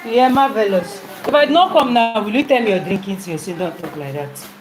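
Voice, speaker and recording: A woman's voice: mid-range voice, expressive, brisk, background noise. A woman chatting and teasing her family on a casual live stream, now and then singing to herself. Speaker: vlogger.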